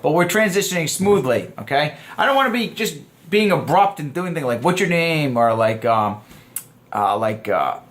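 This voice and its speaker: A man's voice: fairly high pitch, normal speed. Easygoing man coaching on conversation. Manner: relaxed, loose, acts out both sides of example chats. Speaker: dating coach. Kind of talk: casual instructional talk to camera.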